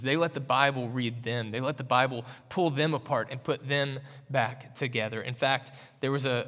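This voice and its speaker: A man's voice: medium pitch, a bit bright. Man preaching in a reverberant hall. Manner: earnest, emphatic preaching with measured rhetorical pauses. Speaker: pastor. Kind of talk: sermon. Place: church sanctuary.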